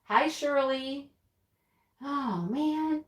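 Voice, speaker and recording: Woman doing a slow easygoing live craft chat, kinda high voice, echoey room. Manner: chatty, greets viewers one by one, laughs often. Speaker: livestream host. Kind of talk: casual live-stream chat. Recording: echoey room, own speakers feeding back.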